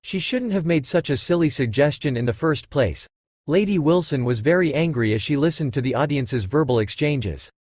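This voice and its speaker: A man narrating a novel as an audiobook in a dramatic, expressive reading style. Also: fairly high pitch, moderate pace, dry recording.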